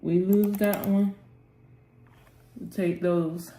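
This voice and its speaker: A woman's voice: mid-range voice, little pitch movement, slow, dark tone, echoey room. A woman hosting a live trading session, urging the chart on aloud and calling on the Lord as she talks. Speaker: trading channel host.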